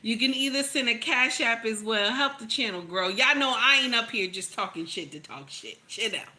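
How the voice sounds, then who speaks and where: Bright-voiced, blunt woman streamer. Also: fairly high pitch, lively intonation, moderate pace. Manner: blunt, profane, laughs often, reads chat aloud. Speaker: commentator reacting to a clip. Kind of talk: casual live-stream commentary.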